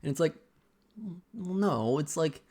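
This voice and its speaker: A young man vlogging a casual personal rant, halting and rambling as he keeps restarting his sentences. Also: fairly high pitch, animated, a little mellow.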